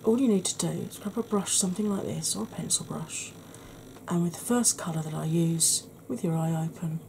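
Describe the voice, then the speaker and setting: Brief: woman, soft ASMR tutor, husky, mellow low voice, faint hiss. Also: fairly quick. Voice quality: slightly husky. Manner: chatty, explanatory, soft-spoken. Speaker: makeup tutorial host.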